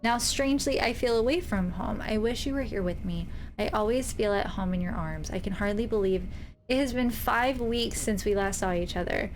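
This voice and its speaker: A woman's voice: mid-range voice, slight background noise. A young woman streaming a story game, reading letters aloud and gushing over them between lines. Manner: gushing, reads letters aloud with quick asides. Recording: faint music behind, slightly staticky audio.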